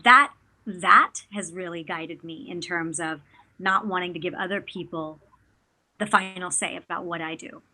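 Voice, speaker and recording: Bright-voiced chatty woman actor. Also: fairly low pitch, moderate pace. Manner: animated, chatty, many fillers. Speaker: guest actor. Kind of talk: casual interview talk.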